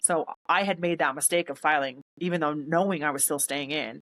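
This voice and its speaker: Woman vet telling a story, blunt and animated, cusses a lot, kinda low voice. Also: brisk. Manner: animated, blunt, swears casually, acts out others' lines. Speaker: podcast guest, military veteran. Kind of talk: casual storytelling.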